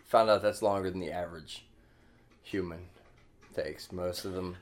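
A man's voice: low-pitched, fairly even intonation, normal speed. A man in his thirties, a podcast guest, chatting casually in a laid-back way, swearing and laughing often. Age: 30s. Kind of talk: casual chat.

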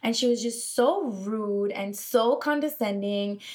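A woman in casual talk who tells stories with energy, quoting herself and laughing along. Her pitch sits in the middle range. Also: a little slow. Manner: animated storyteller, laughs often. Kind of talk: casual chat.

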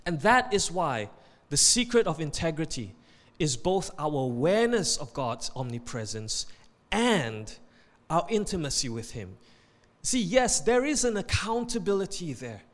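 Male pastor, high voice, emphatic sermon delivery, reverberant hall. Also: sing-song, unhurried. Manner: emphatic, rising on key points, tells jokes.

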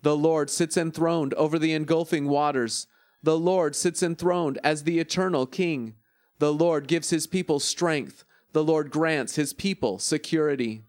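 Man reading scripture, slightly high voice. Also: unhurried, a little mellow, dry recording, clean studio sound. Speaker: scripture reader.

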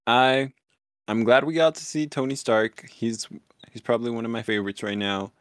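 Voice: mid-range voice, fairly even intonation, moderate pace, no room sound, clean studio sound. A co-host chatting casually on a podcast, easygoing and playful, laughing often. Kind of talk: casual chat.

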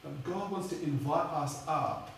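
A man delivering a sermon in a loose, conversational way, full of asides and fillers. His slightly high voice comes from far off the mic and booms around a reverberant hall. A faint steady hum sits underneath. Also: measured pace, vocal fry. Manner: chatty, rambling, many fillers. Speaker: preacher. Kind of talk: sermon storytelling.

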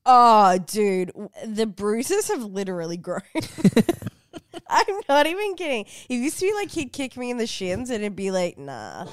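Blunt woman with lively pitch. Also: a little slow, dry recording, clean studio sound. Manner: blunt, wry, swears. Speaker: podcast co-host. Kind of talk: casual chat.

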